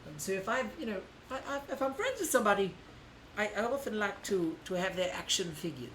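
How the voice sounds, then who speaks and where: Man, livestream host, casual rambling chat, lively pitch, faint hum. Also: quick pace, rough recording. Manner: rambling, animated, self-correcting.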